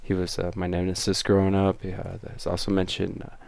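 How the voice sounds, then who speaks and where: A man's voice: sits low, monotone, a little fast, gravelly, a little mellow. A man, the show's creator and host, giving rambling behind-the-scenes commentary full of fillers and restarts.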